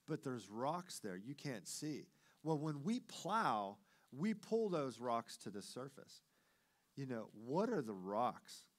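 A middle-aged pastor with a mid-range voice preaches a sermon, telling stories animatedly and swinging between loud and hushed delivery.

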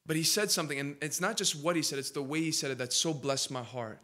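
A man preaching from the pulpit with a bright, ringing voice that sits a little high for a man. He drops to quiet, intimate stretches and then climbs into loud, insistent repetitions. The setting is a church service. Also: fast. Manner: impassioned, swings between hushed and loud emphatic build-ups. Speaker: pastor. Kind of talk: sermon. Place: church sanctuary.

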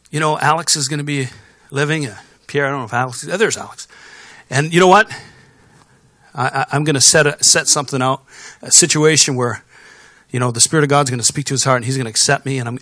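Animated male pastor, dry sound. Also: on the high side, no echo. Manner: animated storytelling with sound effects. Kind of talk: sermon. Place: church sanctuary.

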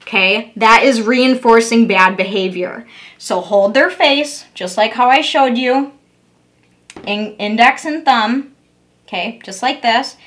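A woman's voice: on the high side, takes it slowly, a bit bright. A young woman, a dog groomer, giving a patient step-by-step demo on handling a puppy. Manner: patient, repetitive coaching tone. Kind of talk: instructional demo.

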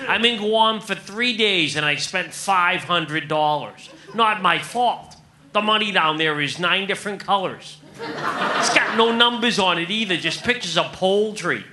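A man's voice: high-pitched, a little slow. A man in his thirties doing a stand-up comedy set on a club stage, delivering punchy jokes and calling the crowd "folks.".

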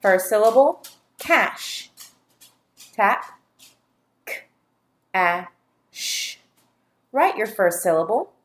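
A woman teaching phonics on video, stretching out each syllable for young learners. She speaks at a slow, patient pace with a medium pitch. Her delivery is deliberate and instructional. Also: big pitch swings. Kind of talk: phonics dictation lesson.

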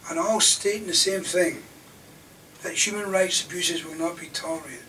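Older lawyer lecturing with indignant rhetoric, raised pitch, taped from the back of a hall. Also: male voice, normal speed. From Scotland. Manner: rhetorical, indignant, swings between loud emphasis and near-whispers. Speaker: defence lawyer giving a lecture. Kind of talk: impassioned public lecture. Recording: distant mic in a lecture hall, faint room noise.

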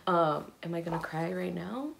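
A woman's voice: fairly low pitch, moderate pace, vocal fry, slight background noise. A young woman vlogging from her bedroom, talking nervously and giggling between gasping exclamations. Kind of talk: casual vlog chat. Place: bedroom at home.

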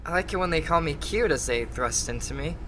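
Reggie, a TTS voice playing a lustful flirt. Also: male voice, fairly high pitch, expressive, fairly quick, background noise. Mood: sultry. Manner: breathy suggestive confession. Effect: text-to-speech voice.

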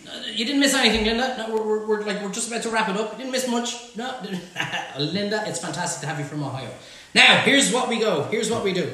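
A man's voice: high-pitched, lively intonation, quick pace, pushed and bright. An Irish man hosting a live cook-along from his kitchen, joking and bantering with viewers as he reads out their comments. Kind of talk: live-streamed cooking demonstration. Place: home kitchen. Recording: echoey kitchen room.

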